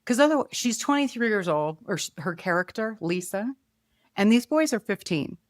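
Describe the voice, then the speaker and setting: A woman's voice: medium pitch, lively intonation, normal speed, dry recording, studio quality. A woman hosting a casual film review chat, musing aloud, trailing off and restarting her thoughts. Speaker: podcast host.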